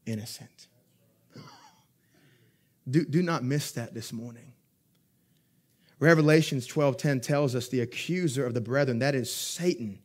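A young man preaching a sermon as pastor. He talks in a lively, conversational way, swinging between loud emphatic peaks and quiet asides, and laughs through his stories. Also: mid-range voice. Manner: laughs while telling stories.

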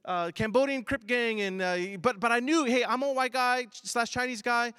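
A man in his thirties preaching a sermon, moving between loud emphatic lines and quiet low asides. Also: steady tone, normal speed, clean tone, no room sound, studio quality. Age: 30s. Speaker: pastor.

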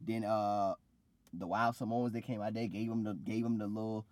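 A young man with a low voice talks in a loose, slangy way. He retells events with energy and acts out other people's lines. His voice sounds dry and close to the mic. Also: normal speed, dry recording. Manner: animated storytelling, acts out quotes, slangy. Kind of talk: casual chat.

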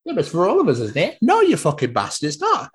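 Brief: squabbling feeder birds, petty and cursing, very jumpy pitch, improvised by a podcast host. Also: wildly swooping pitch, quick pace. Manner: petty, indignant, sweary. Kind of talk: improvised comedy bit.

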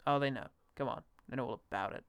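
A man in casual film chat, trading jokes and laughing often between his thoughts. His voice sits in a middling pitch and sounds close and dry, with no room around it. He keeps the talk sardonic and relaxed. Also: fast talker, vocal fry, smooth, dry recording. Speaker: podcast co-host.

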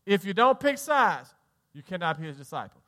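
A middle-aged man with a Southern US accent preaching a sermon as pastor, swinging between soft low lines and loud exhortation, folksy and joking with the congregation. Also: big pitch swings, brisk.

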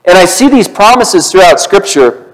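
A male pastor preaching a sermon in church, animated and conversational, asking the congregation questions. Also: high voice, moderate pace, poor audio.

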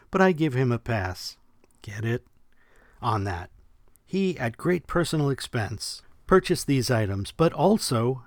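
A man's voice: fairly low pitch, no echo, clean studio sound. A man hosting a podcast and reading scripted commentary in a wry, sarcastic manner. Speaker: podcast host.

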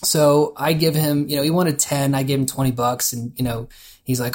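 Husky relaxed man telling a story. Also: medium pitch, fairly quick. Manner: relaxed, laughs often, quotes others in casual voices. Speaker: podcast co-host. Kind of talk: casual storytelling.

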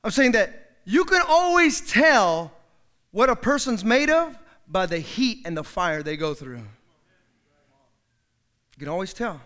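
A male pastor delivers a sermon in a strikingly high voice. His tone is bright and ringing. He acts out the people he quotes with big, loud outbursts. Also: sing-song, unhurried, long pauses.

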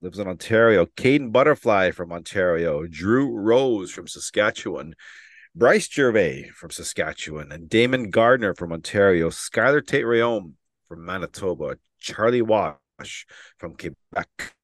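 Lower-voiced laughing podcast co-host man. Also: lively intonation, unhurried, dry recording, studio quality. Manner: laughs often, reads names off a phone. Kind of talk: casual podcast chat.

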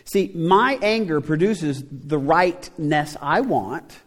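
Speaking slowly and with animation, a pastor with a fairly high voice preaches in a reverberant church sanctuary. His style is conversational, full of rhetorical questions, and the long reverb of the church hall is audible.

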